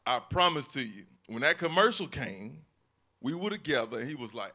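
A man's voice: medium pitch, very animated, normal speed, sharp tone. A man in casual podcast chat, explaining his side in an earnest, persuasive way.

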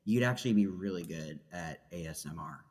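Playful young man with a lively voice. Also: sits low, fairly quick, big-room sound. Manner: playful, jokey, self-deprecating. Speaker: podcast guest. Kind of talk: casual podcast chat.

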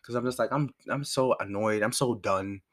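A man's voice: lowish voice, normal speed. A young man telling a story in a casual rant, annoyed and swearing, acting out both sides of an argument. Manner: annoyed, swearing, retells arguments with quoted lines.

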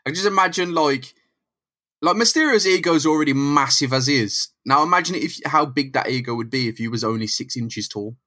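A man with a bright, lively voice chats about a comic book on a podcast. He reacts to twists and spins jokey what-if scenarios. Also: mid-range voice, fairly quick. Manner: joking, reactive, riffing on scenes. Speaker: podcast co-host.

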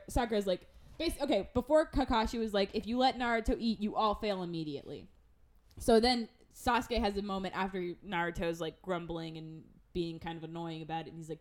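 A woman with a slightly high voice chats casually, retelling an anime episode with lively acted-out character lines. She swears freely and leans sarcastic. The sound is dry and close. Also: dry recording. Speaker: podcast co-host recapping an anime. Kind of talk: casual chat.

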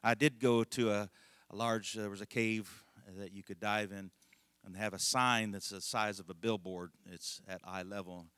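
A man's voice: on the low side, fairly even intonation, normal speed, a bit bright, clean tone, no echo. A middle-aged male pastor telling a rambling, folksy story in a conversational sermon, laughing often.

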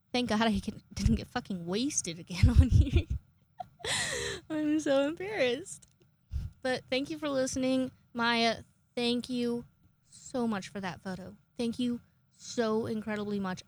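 A woman's voice: on the high side, a little slow, a little mellow, no echo. A young woman hosting her own podcast, rambling casually and swearing a lot as she laughs at her own jokes. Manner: rambling, swearing, self-amused. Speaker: podcast host. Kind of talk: casual solo podcast sign-off.

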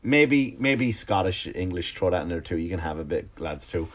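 A male comedian on a podcast ranting in a casual, animated monologue, swearing freely and restarting his sentences. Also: deep voice, normal speed.

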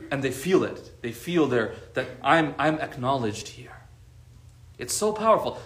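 A man giving a lively, conversational sermon to a group, acting out what friends would say. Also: mid-range voice, measured pace, reverberant, slight background noise. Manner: animated, conversational, acts out quoted friends. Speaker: religious teacher.

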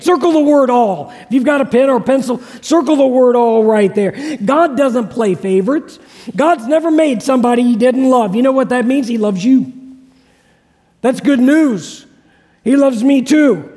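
High-voiced pastor preaching in a reverberant hall. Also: male voice, unhurried, a little mellow. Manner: conversational, repeats key phrases, asks congregation questions. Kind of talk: sermon.

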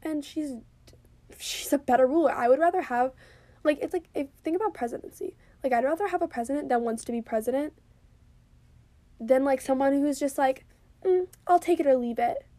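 A woman reviewing a TV episode in a casual, animated chat, swearing freely and filling her sentences with "like", while she drinks. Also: high-pitched, brisk.

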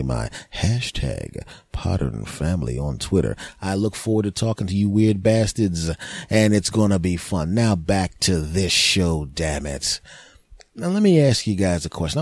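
A male comedian tells a rambling, profane story on his podcast in a low voice. His pitch jumps around a lot as he jokes. The tone is dark and mellow, and the sound is dry and close. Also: breathy edge, dry recording.

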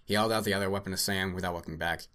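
A man's voice: deep voice, fairly even intonation, rapid-fire, sharp tone. A man hosting a podcast, reading a story aloud and chatting casually, swearing and laughing easily. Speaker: podcast host.

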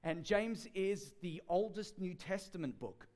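A man's voice: sits high, animated, unhurried, a little mellow. A man preaching a sermon in a chatty storytelling way, with many fillers and restarts.

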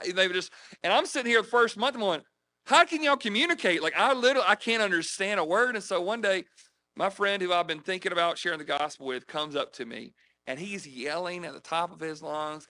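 Bright high-voiced preacher. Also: male voice. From South Carolina. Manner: chatty, frequent "right? okay?" check-ins with listeners. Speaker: preacher teaching on evangelism. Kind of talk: conversational sermon with personal stories.

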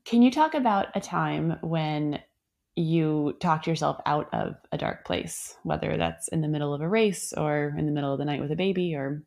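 A woman hosting a casual interview, relaxed and candid, asking open questions. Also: low-pitched, moderate pace, vocal fry. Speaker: podcast host.

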